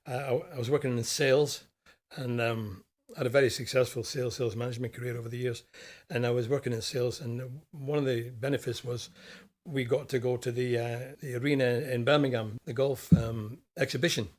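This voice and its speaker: Older scottish guy on a podcast, relaxed, telling old stories. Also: mid-range voice, brisk. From Scotland. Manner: easygoing, anecdotal recollection. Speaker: guest, former footballer. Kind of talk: casual interview chat.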